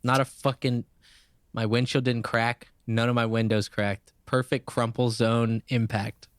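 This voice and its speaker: A man's voice: mid-range voice, measured pace, clear, resonant tone, dry recording, clean studio sound. A man co-hosting a podcast, telling a rambling, profane story in casual chat. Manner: profane, animated anecdote-telling with laughs. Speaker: podcast co-host.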